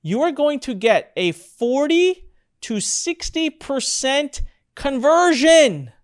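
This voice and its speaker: Excitable middle-aged webinar instructor. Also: high-pitched, slow pace. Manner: excitable and emphatic, repeats key lines; chatty asides, fillers. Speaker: online course instructor. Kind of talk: live webinar presentation.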